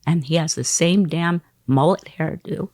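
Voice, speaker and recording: A woman in her sixties, a podcast guest telling a long story in an animated way, acting out the voices of the people in it. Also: low-pitched, unhurried, no room sound, studio quality. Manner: animated, acts out quoted voices.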